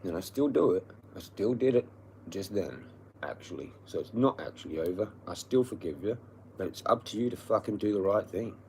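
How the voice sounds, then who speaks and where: Australian male streamer, lowish voice, hoarse, profane aggressive ranting. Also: animated, a little fast, darkish tone, a little hiss or hum. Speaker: livestreamer. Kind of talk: livestream rant.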